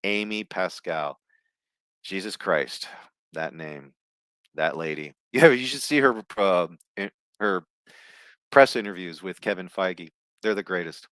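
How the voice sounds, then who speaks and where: Blunt movie-news YouTuber, low-pitched man, swears freely, dry close sound. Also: expressive, measured pace, a bit bright, no room sound. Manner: profane, blunt, reads news aloud with asides. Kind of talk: casual ranting commentary.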